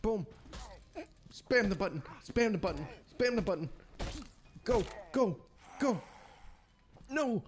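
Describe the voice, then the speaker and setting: Young male gaming YouTuber, excitable commentary, bouncy swooping voice, loose slangy swearing. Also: sits high, slow, long pauses, a little hiss or hum. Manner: excitable, yells at the game, casual swearing. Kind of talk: let's-play commentary and voice-over.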